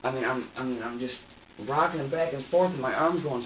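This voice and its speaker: A man being questioned by police, recounting events in a halting, repetitive way with many fillers and restarts. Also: on the high side, far from the mic, a little hiss or hum. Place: sheriff's interview room. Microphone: distant room recorder. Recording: tinny lo-fi, echoey room, off-mic.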